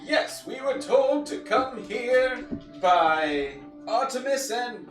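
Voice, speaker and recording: A player in a tabletop game, speaking in a slow, playful way. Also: medium pitch, animated, roomy sound, recorded from a distance, faint music behind.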